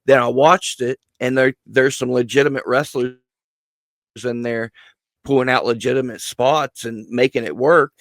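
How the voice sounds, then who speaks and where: A man telling stories as a guest on a casual podcast, animated, swearing freely and laughing mid-sentence. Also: mid-range voice, normal speed, no echo. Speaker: guest, wrestling personality.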